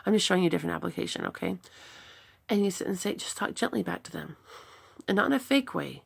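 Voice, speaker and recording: A middle-aged woman speaking earnestly about parenting, reflecting on arguments with her son and demonstrating gentle replies. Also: fairly low pitch, expressive, fast, gravelly, slightly rough. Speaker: parenting talk host. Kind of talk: personal advice talk.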